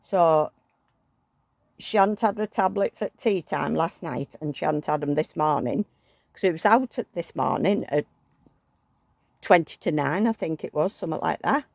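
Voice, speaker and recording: A woman talks through a home vlog in a rambling, chatty way, now and then grumbling. Her voice sits low with a gravelly, fry-laden edge. The sound is dry and close. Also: normal speed, darkish tone, no room sound. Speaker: doll collector vlogger. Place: at home indoors.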